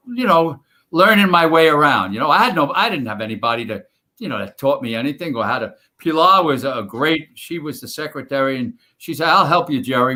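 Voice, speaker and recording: An older man tells stories from his years on the job in a loose, rambling way. His voice sits a bit high and comes across bright and forceful. He keeps stopping to restart his sentences and fills the gaps with "uh" and "you know.". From New York. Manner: rambling, folksy, many fillers and restarts. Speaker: guest, retired firefighter. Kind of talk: casual storytelling interview.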